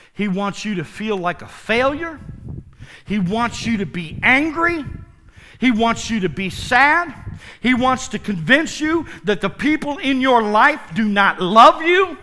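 Man preaching in church, really high bright voice, slow, big swings loud to hushed. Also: in a large hall. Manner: playful asides to the congregation. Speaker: pastor. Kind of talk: sermon. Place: church sanctuary.

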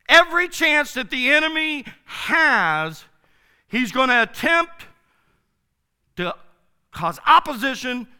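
A male pastor delivers a relaxed, slangy sermon and swings from big excited bursts to hushed asides. His voice sits high, bright and ringing clear. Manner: enthusiastic, informal, slangy, dramatic swings in loudness. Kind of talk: casual sermon.

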